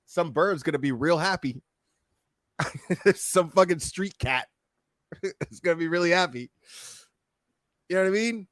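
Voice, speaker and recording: Streamer, male, high-pitched for a man, swearing rant, dry close sound. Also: lively intonation, unhurried, long pauses, a bit bright, no room sound. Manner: profane, heated, talks straight to chat. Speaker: streamer commenting on a video. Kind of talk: casual ranting commentary.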